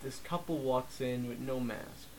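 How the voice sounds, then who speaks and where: A man's voice: medium pitch, a little slow, darkish tone. Chatty man telling stories. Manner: storytelling, laughs often, many fillers and restarts. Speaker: podcast co-host. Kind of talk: casual chat. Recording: faint background noise, homemade podcast.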